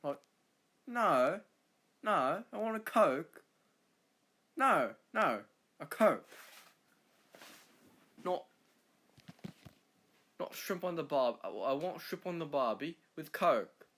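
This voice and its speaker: A man's voice: fairly high pitch, lively intonation, takes it slowly, pauses often, fairly bright tone, full character voice. A man voicing a brash, boastful Australian patriot in a put-on Australian accent, blurting slang and stumbling, as a comedic accent impression.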